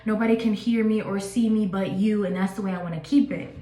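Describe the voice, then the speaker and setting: A woman's voice: mid-range voice, fairly even intonation, fairly quick, warm tone, lightly acted. A grandfather's spirit cracks jokes with a teasing tone, played by a young woman. He sounds amused and smart-alecky. The room echoes around him. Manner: teasing, joking. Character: playful ghost of an old grandfather, smart aleck.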